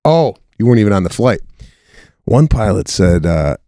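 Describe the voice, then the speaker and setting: A man's voice: on the low side, big pitch swings, normal speed, mellow, dry recording, studio quality. A man co-hosting a comedy podcast, telling loose, rambling anecdotes with lots of swearing. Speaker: podcast co-host. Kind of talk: casual comedic chat.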